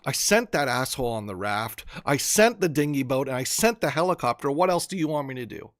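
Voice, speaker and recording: An exasperated God, as a storyteller puts him on, answers with wry bluntness. His voice starts low and quiet. He then pushes back with impatience. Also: lively intonation, a little fast, no echo, studio quality, natural voice.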